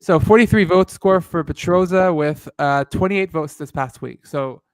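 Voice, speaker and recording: A man's voice: fairly high pitch, moderate pace, clear, resonant tone. A man hosting a casual recap show, rambling through scores with fillers and restarts. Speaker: podcast host.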